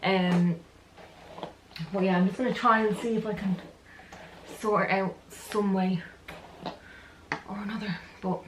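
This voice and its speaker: A woman's voice: mid-range voice, fairly even intonation, a little slow, pauses often, rough recording. Young irish girl rambling on her vlog, ums everywhere, bit of hiss behind. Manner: rambling and self-correcting, lots of ums. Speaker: vlogger. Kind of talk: chatty day-in-the-life vlog.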